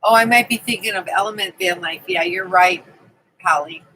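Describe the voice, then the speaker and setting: A woman's voice: on the low side, normal speed, sharp tone, slight background noise, rough recording. A woman hosting a casual live stream from her camping trailer, chatting and greeting viewers by name. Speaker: livestream host.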